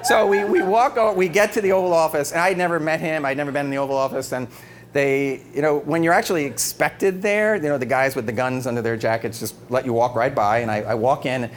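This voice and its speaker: A middle-aged man with a fairly high voice speaks a little fast while giving a humorous evening talk, animatedly telling stories, laughing often, and acting out quotes. The live recording is noisy, with background noise throughout.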